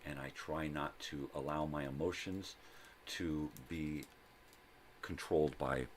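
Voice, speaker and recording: Very deep-voiced older man, profane storyteller. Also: fairly even intonation, takes it slowly, slight background noise. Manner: profane, rambling, keeps adding "right?" and "you know?". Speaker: vlog host. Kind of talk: casual personal storytelling monologue. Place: at home.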